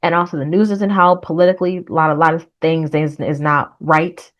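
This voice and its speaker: Woman, low voice, casual reaction vlog host, chatty, earnest, encouraging. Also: flat delivery, brisk. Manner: chatty and earnest, with encouraging, faith-tinged sign-offs. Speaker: reaction vlogger.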